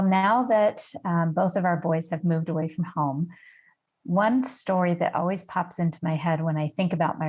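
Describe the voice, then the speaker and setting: A middle-aged woman from the United States tells a personal story as a podcast guest. Her voice sits a little low, and she talks in an unhurried, reflective way with the odd "um". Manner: warm personal storytelling with fillers. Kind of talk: storytelling in an interview.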